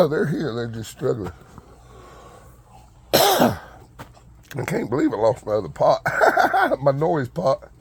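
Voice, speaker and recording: A man's voice: fairly high pitch, wildly swooping pitch, slow, gravelly, long pauses, husky. A man, chatting casually to his viewers and sweet-talking his hens while he feeds them outdoors. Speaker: backyard chicken keeper. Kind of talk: casual vlog chat. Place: outdoor yard and front porch in freezing weather.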